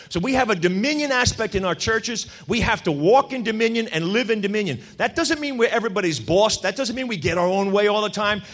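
A man preaching a sermon, telling stories with acted-out quotes and a lively, punchy delivery. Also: sits high. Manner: animated storytelling with acted quotes. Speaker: pastor.

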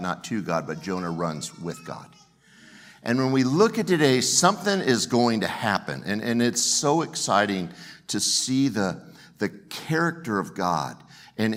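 Pastor guy preaching slow, bright sharp voice, kinda earnest storyteller. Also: lowish voice. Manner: earnest, storytelling, repeats words at starts. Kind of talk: sermon.

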